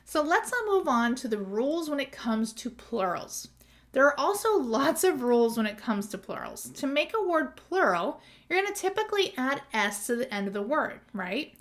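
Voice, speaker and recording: A woman's voice: sits high, big pitch swings, moderate pace. A woman teaching as an exam tutor in a methodical lesson, spelling out words letter by letter. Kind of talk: scripted lesson.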